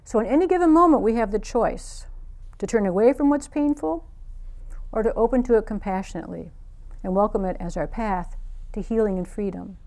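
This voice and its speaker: A woman's voice: medium pitch, fairly quick, darkish tone. A woman, a meditation teacher, giving a spiritual talk built around a personal story, earnest and reflective.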